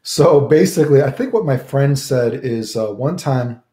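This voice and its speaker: Speaking at a moderate pace with animation, a man with a dark-toned, medium-pitched voice chats on a stream, rambling and taking viewer questions. He often ends sentences with "right?", and the audio sounds roomy.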